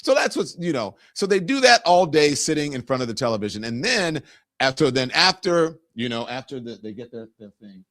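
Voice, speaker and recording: A man's voice: mid-range voice, big pitch swings, brisk, fairly bright tone, no echo, studio quality. A middle-aged man from the Southern US hosting casual political commentary, rambling and conversational, with many restarts. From Southern United States. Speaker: host.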